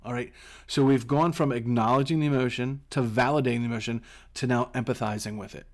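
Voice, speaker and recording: A middle-aged man hosts a solo coaching podcast, explaining his points in an earnest, conversational way. He often repeats a word as he gets a phrase going. His voice sits at an ordinary middle pitch. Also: fairly even intonation, quick pace. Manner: earnest, repeats words when starting phrases.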